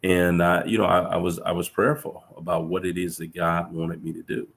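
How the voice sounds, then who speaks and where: A male professor, appearing as a guest, tells reflective stories in casual conversation, earnest and frequently restarting his sentences. His deep, gravelly voice keeps a level tone at a moderate pace.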